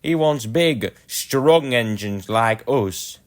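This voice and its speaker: A man voicing big, boastful male engines who talk in a slow, smug way in a storybook reading. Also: medium pitch, lively intonation. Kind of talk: storybook character voice.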